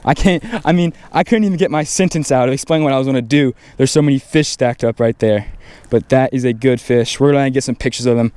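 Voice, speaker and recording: A man, talking casually while fishing a windy pond bank, getting excited and repeating himself when a fish bites. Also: mid-range voice, fast, few pauses, clear, resonant tone, no echo. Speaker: fishing vlogger. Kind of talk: casual outdoor vlog commentary. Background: faint wind and outdoor ambience.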